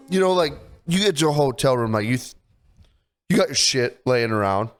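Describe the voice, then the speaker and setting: A man's voice: medium pitch, animated, normal speed, clean tone. A man co-hosting a podcast, telling a story in casual chat with lots of swearing and indignation. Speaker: podcast co-host.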